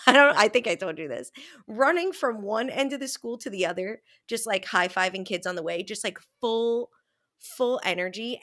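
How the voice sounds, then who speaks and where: A woman with a gravelly, fry-heavy voice hosts a casual podcast chat. She tells stories with a lot of energy and acts out her own lines along the way. She swears freely. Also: mid-range voice, fairly bright tone. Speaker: podcast co-host.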